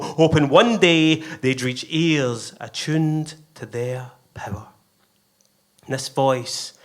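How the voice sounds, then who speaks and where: A man's voice: a little high, fairly bright tone. Scottish man performing spoken word. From Scotland. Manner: rhythmic, emphatic delivery with playful voice shifts. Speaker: performance poet. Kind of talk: live spoken word poetry. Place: live venue with an audience.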